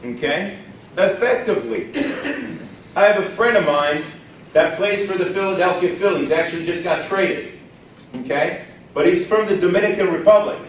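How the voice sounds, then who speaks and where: A man from Texas giving an energetic motivational training talk to a live audience, often putting questions to the room. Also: sits high, moderate pace, a little hiss or hum. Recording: roomy echo from far off, faint ambience.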